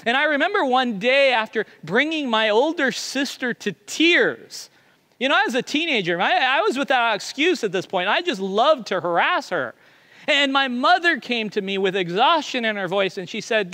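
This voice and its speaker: A man's voice: very high voice, sing-song, normal speed, sharp tone. A male pastor preaching a sermon in a confessional, self-deprecating way, often stammering and restarting.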